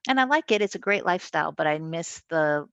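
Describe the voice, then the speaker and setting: A woman with a low, gravelly voice talks through her career as a panel guest, reflective and unhurried, with plenty of fillers. The sound is dry and a little dull, as if over a remote call. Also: animated, fairly bright tone, no echo. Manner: conversational, reflective, with frequent fillers. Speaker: panelist neurologist. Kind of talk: panel discussion storytelling.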